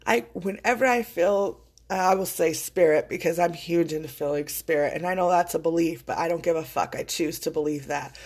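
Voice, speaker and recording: A woman's voice: fairly low pitch, breathy edge. An earnest woman speaks straight to her listeners in a loose, motivational monologue. She is choked up with emotion, yet she stays heartfelt and drops casual swear words as she talks. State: choking up with emotion. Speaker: podcast host.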